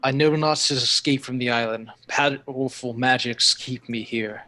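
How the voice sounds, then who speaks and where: A man's voice: medium pitch, fairly even intonation, sharp tone, lightly acted. A man voicing a solemn ancient spirit. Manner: slow, solemn, formal. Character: ancient captive female spirit creature, solemn.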